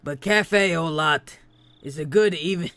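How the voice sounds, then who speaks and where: A woman's voice: low-pitched, fairly quick, no echo, voice pushed down. A woman putting on a sly middle-aged detective. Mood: offhand. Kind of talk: reading a visual novel aloud.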